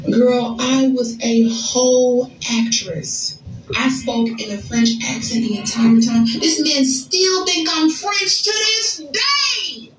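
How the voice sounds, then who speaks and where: An American woman telling a casual story in an animated, slangy, chatty way. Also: high-pitched, slow pace, reverberant, a little hiss or hum, poor audio. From United States. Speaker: storyteller in a social media clip.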